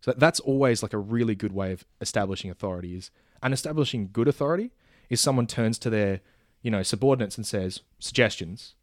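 A man in casual chat pitching a film idea, rambling with many fillers and restarts, now and then acting out characters' lines. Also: fast, darkish tone, dry recording, clean studio sound.

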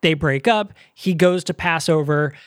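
A man's voice: on the high side, a little slow, clear, resonant tone, no room sound, studio quality. A man co-hosting a podcast, reviewing a movie in casual chat and rambling with lots of fillers. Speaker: podcast co-host.

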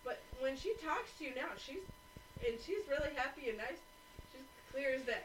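A woman co-hosting a casual chat, profane and animated as she tells stories. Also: sits high, moderate pace, noisy background.

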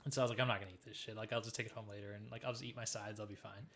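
Fast-talking man telling a story. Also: fairly low pitch, flat delivery, a bit bright, a little hiss or hum. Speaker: podcast co-host. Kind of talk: casual chat.

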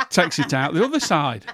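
A man's voice: sits high, pushed and bright. A middle-aged man, casually telling a funny story and chuckling along. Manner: chatty, laughing at his own tale.

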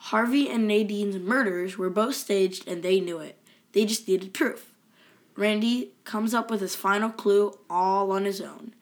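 A woman's voice: mid-range voice, unhurried. A woman co-hosting a podcast, reading a plot summary and then chatting playfully about the episode. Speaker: podcast co-host. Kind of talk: casual chat recapping a TV episode.

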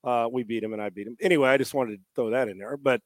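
A middle-aged man hosting a sports talk show, loud and joking, telling stories with put-on voices. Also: medium pitch, racing, no room sound, studio quality. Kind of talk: casual podcast banter.

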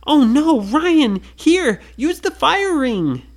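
Parent doing a curious little girl, soft oohs and aahs, bouncy pitch, slow. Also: lively intonation. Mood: worried. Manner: gentle, delighted exclamations. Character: young girl adventurer, cheerful and curious. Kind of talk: bedtime story voices.

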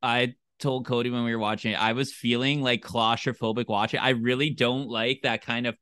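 A man's voice: mid-range voice, steady tone, fairly quick, pushed and bright, clear, resonant tone, dry recording. A man talking as a podcast guest, chatting casually and expressively. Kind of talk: casual chat.

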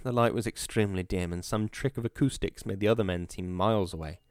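A man reading a story aloud in steady, measured audiobook narration. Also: on the low side, clean tone, dry recording, clean studio sound.

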